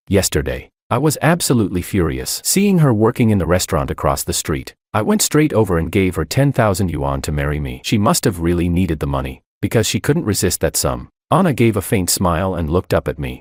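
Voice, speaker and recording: A man with a very low voice narrating a dramatic first-person story, his pitch rising and falling lively. The sound is dry and close, with no room around it. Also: a little fast, hardly any pauses, dry recording.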